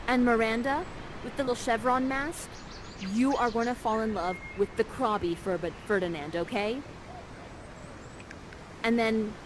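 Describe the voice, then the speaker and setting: A woman's voice: fairly high pitch, background noise. Teasing woman directing an interactive play. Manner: upbeat, teasing, quick. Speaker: actor guiding audience through an interactive play. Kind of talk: playful stage direction.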